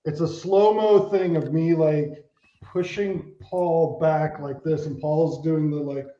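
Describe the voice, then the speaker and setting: A man playing a tabletop game, chatting in an animated way and laughing often. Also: a little high, takes it slowly, echoey room, muffled recording. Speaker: player. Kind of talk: casual game chat.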